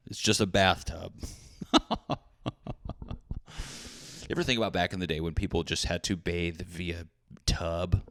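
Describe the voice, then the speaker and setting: A man in his thirties hosting a solo comedy podcast from his hot apartment, animated and swearing with jokey asides. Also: sits low, a little slow, long pauses. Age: 30s. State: sweating in a hot room. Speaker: podcast host. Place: small apartment with windows shut.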